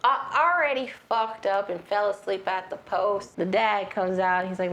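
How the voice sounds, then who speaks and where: A woman co-hosting a comedic movie recap podcast, animated and acting out scenes. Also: medium pitch, moderate pace, muffled recording. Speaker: podcast co-host.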